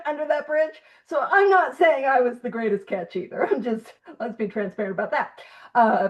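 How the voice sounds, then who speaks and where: A woman from Canada leading a recovery group study in casual talk, self-deprecating and laughing often as she speaks. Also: high voice. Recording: dull lo-fi sound.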